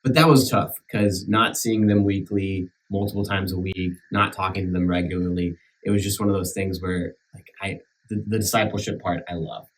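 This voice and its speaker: A man with a country accent talks casually on a church podcast. His voice sits very low, and he circles back over his words with fillers and restarts. He is recorded at a slight distance from the mic. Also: steady tone. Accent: rural American country. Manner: halting, many restarts and fillers, earnest. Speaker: minister back from sabbatical.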